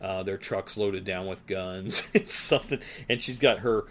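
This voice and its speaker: A man's voice: low voice, unhurried, fairly bright tone, slight background noise. A man co-hosting a podcast, rambling casually with restarts and easy laughs. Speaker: podcast co-host. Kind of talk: casual chat.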